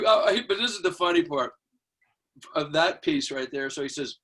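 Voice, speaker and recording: A man's voice: on the high side, unhurried, pauses often. An older man from Houston, a drummer and guest, telling stories in an interview, acting out quotes and scatting drum beats. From Houston, Texas. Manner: animated storyteller acting out quotes and scat-singing drum beats. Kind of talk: storytelling interview.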